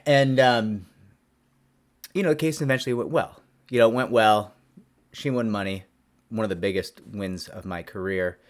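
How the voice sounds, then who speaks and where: A man's voice: lowish voice, normal speed, pauses often. A man, a lawyer, telling a story to camera in a rambling, self-deprecating way with many restarts.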